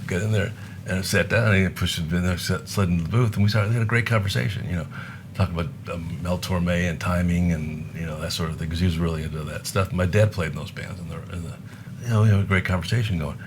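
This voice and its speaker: Low-voiced older man telling stories. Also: steady tone, fast talker, background noise. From Buffalo, New York, USA. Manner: rambling anecdotes, acting out quoted voices with laughs. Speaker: guest musician. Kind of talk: casual storytelling.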